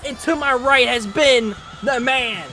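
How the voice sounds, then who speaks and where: A man calling a wrestling match play-by-play, energetic and often shouting. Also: very high-pitched, measured pace, faint music behind. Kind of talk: excited play-by-play commentary.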